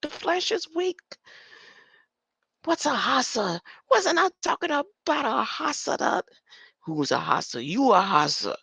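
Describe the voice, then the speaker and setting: A woman's voice: sits high, sing-song, measured pace, gravelly, pauses often, a bit bright, dry recording. An older woman thinking aloud as she reads from her screen, rambling with muttered asides and sudden exclamations. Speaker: solo streamer.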